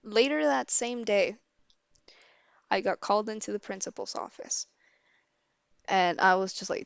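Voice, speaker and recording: A young woman livestreamer telling a story from her school days in a casual, animated way, swearing freely and acting out what people said. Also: mid-range voice, measured pace, gravelly, long pauses, smooth, dry recording.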